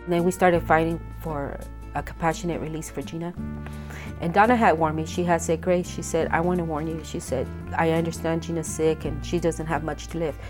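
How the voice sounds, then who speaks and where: A woman with a low voice tells her daughter's story as an interviewee. She speaks in emotional personal testimony, quoting each exchange and stopping often on fillers. Soft music plays under her. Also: steady tone. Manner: retells talk in quoted dialogue, halting with fillers. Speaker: mother of a prisoner, interviewee.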